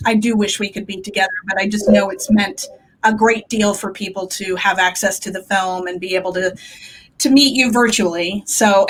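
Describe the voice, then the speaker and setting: A woman's voice: medium pitch, a bit bright, rough recording. A woman hosting a film festival Q&A, wrapping up the event with upbeat announcements. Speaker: festival host.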